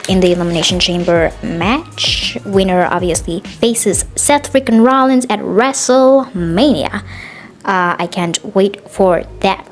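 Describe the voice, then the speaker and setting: A woman hosting a podcast, recapping a show in a casual, opinionated way, often pausing on "uh" and "um". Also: mid-range voice. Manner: chatty and opinionated, with frequent "uh" and "um". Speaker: podcast host.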